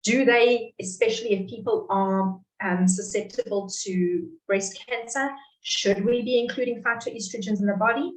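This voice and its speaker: A woman's voice: mid-range voice, roomy sound, distant mic, faint music behind, rough recording. South African woman teaching a webinar. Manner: explanatory, measured, talks to participants directly. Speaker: clinical dietitian presenter. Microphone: computer mic on a video call.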